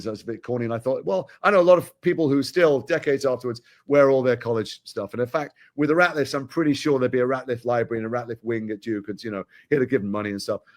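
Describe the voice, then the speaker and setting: A man's voice: mid-range voice, a little mellow. A middle-aged British man with an English accent, a guest actor speaking frankly in a live interview with wry asides. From Britain.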